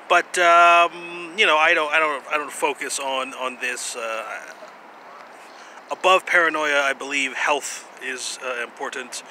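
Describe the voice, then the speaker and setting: A man vlogging in a rambling, casual monologue, halting often with pauses and asides. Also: medium pitch, sharp tone, slight background noise. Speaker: vlogger presenting jutsu.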